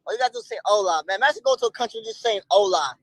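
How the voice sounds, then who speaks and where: Playful slangy New man, lively. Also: very high-pitched, racing, gravelly, dry recording, low-quality recording. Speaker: streamer. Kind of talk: casual chat, livestream.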